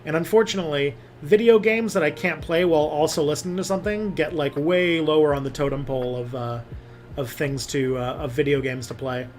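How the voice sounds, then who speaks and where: A man's voice: a little high, a little fast, faint music behind. Rambling young man chatting on a livestream. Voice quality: rambling, many fillers and restarts. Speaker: livestream host. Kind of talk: casual livestream chat reading viewer comments.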